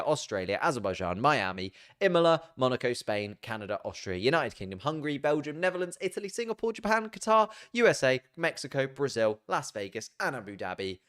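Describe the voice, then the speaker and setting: A man's voice: medium pitch, fairly bright tone, clear, resonant tone. A man hosting a casual, chatty explainer video, jokey and self-mocking as he banters. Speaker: YouTube host.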